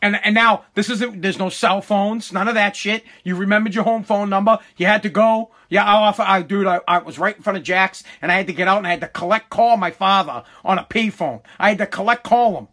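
A man with a high, sharp-edged voice tells a rambling story and swears at every turn. He stumbles, restarts and repeats himself as he pushes ahead, always casual and animated. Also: brisk, few pauses. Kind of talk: profane comic storytelling.

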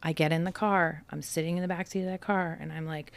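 Gravelly-voiced woman telling her story. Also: sits low, steady tone, fast, hardly any pauses. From Brockton, Massachusetts. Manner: casual, fillers "like" often, quotes people in her story. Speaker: podcast guest. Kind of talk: personal story in a podcast interview.

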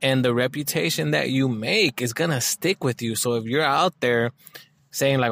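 A man's voice: medium pitch, normal speed, vocal fry, fairly bright tone, no echo. A man talking casually in a monologue, swearing often and rambling with lots of filler words.

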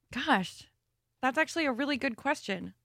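A woman's voice: high-pitched, lively intonation, unhurried, gravelly, fairly bright tone, dry recording. A woman co-hosting a casual comedy podcast, chatty and full of fillers. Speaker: podcast co-host.

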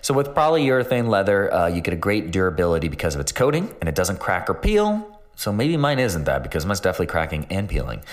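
A man with a deep, low voice talks through his subject in an easygoing, unscripted way. He hosts the show and rambles a little, leaning on ums and likes and poking fun at himself now and then. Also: big pitch swings, quick pace. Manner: rambling, filler-heavy, self-mocking. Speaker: podcast host. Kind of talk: casual explanatory talk.

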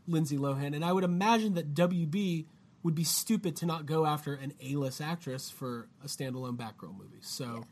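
A man's voice: on the high side, brisk. A man hosting a casual podcast chat, loose and joking, swearing freely. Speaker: podcast host.

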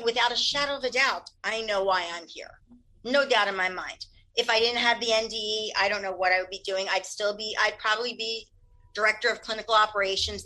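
Animated woman healer, quick candid delivery, ringing bright tone. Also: fairly high pitch, low-quality recording. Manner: fast, animated, laughs often. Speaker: Reiki practitioner. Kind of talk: candid interview answers.

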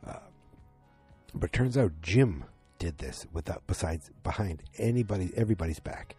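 A man's voice: low voice, a little fast, warm tone, husky, faint music behind. A man casually recapping a TV episode, rambling with fillers and restarts and acting out characters' lines. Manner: rambling, many fillers and restarts, acts out quotes.

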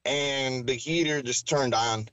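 A man's voice: medium pitch, darkish tone, dull audio. Guy from mexico rambling thru a story, lots of likes and fillers, faint noise behind. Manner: rambling, filler-heavy, slangy. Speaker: interviewee recounting an encounter. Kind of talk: casual storytelling.

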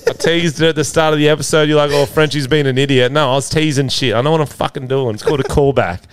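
A man's voice: fairly high pitch, fairly even intonation, clean tone, no room sound. A man hosting a comedy podcast, teasing and swearing in casual banter. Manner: teasing, swearing, quick asides. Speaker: podcast host.

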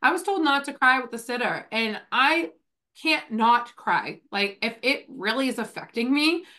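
Bright-voiced chatty woman podcast host. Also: on the high side, lively intonation, moderate pace. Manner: chatty, lots of "like" fillers. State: coming down with a cold. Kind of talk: casual chat.

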